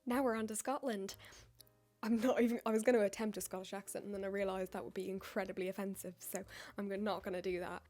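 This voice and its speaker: A woman's voice: medium pitch, level tone, fast talker, a little mellow, faint music behind. A woman with an English accent, chatting in a casual vlog as a baker, joking and poking fun at herself. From United Kingdom. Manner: jokey, self-mocking, chatty asides. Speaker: baker and video creator. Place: home, tripod camera.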